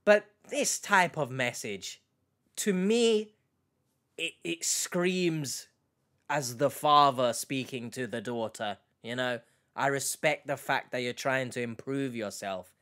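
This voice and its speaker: A man's voice: medium pitch, slow, pushed and bright. A man hosting a reaction video, chatting casually to his viewers with rambling restarts and questions for the comments.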